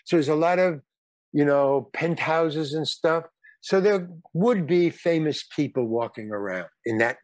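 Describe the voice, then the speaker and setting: An older man with a fairly high voice spins a rambling, halting anecdote full of restarts. The recording is dry and close, with no room sound. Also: dry recording. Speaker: guest. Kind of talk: casual storytelling.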